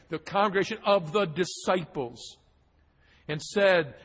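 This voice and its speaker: A pastor with a higher, fairly bright voice preaches verse by verse, emphasizing his points through repetition. His expository sermon carries a long hall reverb.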